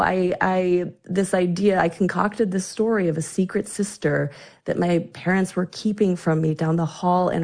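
Gravelly-voiced woman recounting family memories. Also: mid-range voice, darkish tone. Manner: reflective, earnest, with frequent restarts. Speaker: author and guest. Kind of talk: radio interview, personal storytelling.

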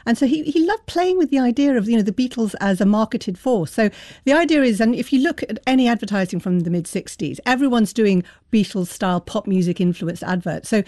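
Fast-talking woman commentator. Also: on the high side, animated, a little mellow, no echo, studio quality. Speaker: author and cultural commentator. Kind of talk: radio discussion. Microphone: studio mic.

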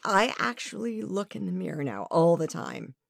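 A woman's voice: lowish voice, big pitch swings, moderate pace, creaky, dry recording, clean studio sound. A woman being interviewed, speaking frankly and reflectively about her own life in a candid conversation. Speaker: interview guest.

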